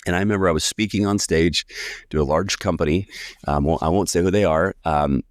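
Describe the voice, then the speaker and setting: A man in his forties from the United States, a sales coach telling a lively personal story in a podcast interview and acting out the voices of people he quotes. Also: low-pitched, brisk, no room sound, studio quality. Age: 40s.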